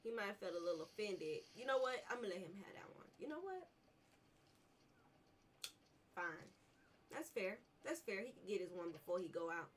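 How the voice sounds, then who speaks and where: A woman's voice: mid-range voice, sing-song, moderate pace, pauses often, slight background noise. A woman giving casual, chatty commentary on her gameplay, talking to herself and her viewers as she plays. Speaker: gaming vlogger. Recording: voice a little distant from the mic.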